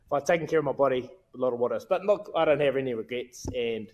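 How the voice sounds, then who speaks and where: A man's voice: medium pitch, fast talker, a little mellow, muffled recording. A man in his thirties with a New Zealand accent, a podcast guest telling candid, self-mocking stories in laddish slang. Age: 30s. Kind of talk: casual storytelling chat.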